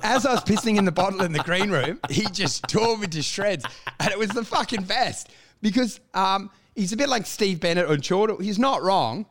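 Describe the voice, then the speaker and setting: A man's voice: high voice, lively intonation, normal speed, fairly bright tone. A man chatting as a comedian on a casual podcast, swearing often and laughing through rambling banter. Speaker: comedian and co-host.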